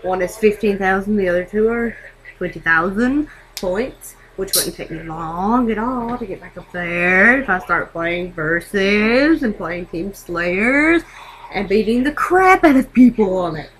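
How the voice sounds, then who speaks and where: A teenage girl vlogging on her webcam from a dark bedroom at home, hyper and giggly, rambling from one thing to the next. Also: medium pitch, lively intonation, measured pace, rough recording. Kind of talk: casual webcam vlog.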